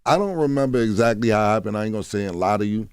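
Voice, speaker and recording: This guest's voice is lowish, smooth, and a little mellow, and he talks in a racing, animated way. Telling candid stories bluntly in a radio interview, he swears freely and often asks "you know what I'm saying." The studio mic gives clean sound with no room noise.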